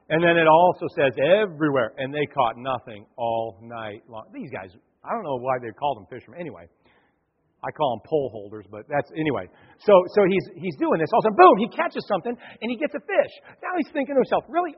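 A male pastor delivering an animated sermon, acting out the voices of the people in his stories. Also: a little high, breathy edge. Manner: animated preaching, acts out quoted voices. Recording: dull sound, long hall reverb.

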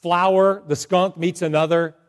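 A man preaching a sermon to a congregation, telling jokes and animated stories. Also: sits high, moderate pace. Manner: joking, animated storytelling to a congregation. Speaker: pastor.

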